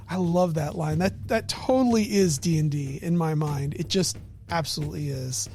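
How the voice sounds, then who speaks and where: A middle-aged man casually recounting a tabletop game session on his video diary, animated and laughing often. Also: high voice, moderate pace. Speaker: miniature painting vlogger. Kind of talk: casual storytelling.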